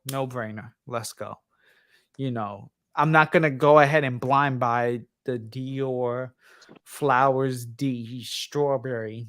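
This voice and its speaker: A man's voice: medium pitch, a bit bright. Tired New York man hosting a livestream; rambling, filler-heavy casual chat. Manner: rambling, many fillers and restarts. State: tired, late at night. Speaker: livestream host.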